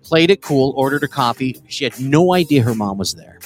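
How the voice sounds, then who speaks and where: A man's voice: mid-range voice, lively intonation, brisk, soft background music. A man co-hosting a casual comedy podcast, joking crudely and laughing often as he runs through news stories. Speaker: podcast co-host.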